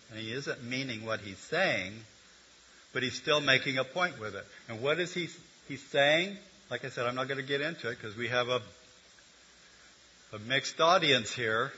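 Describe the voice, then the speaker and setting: An older man preaches in a loose, conversational way, mixing teaching with jokes and asides to the congregation. His voice is strikingly bright with a husky edge. The recording sounds dull and lo-fi. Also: medium pitch. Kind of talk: sermon.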